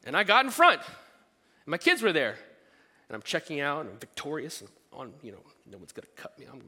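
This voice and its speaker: A middle-aged man preaches a sermon in a bright, fairly high voice. He stays animated and throws in playful asides and little acted-out voices. His words ring out with a long reverb, as in a large church hall. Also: a little fast. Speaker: pastor.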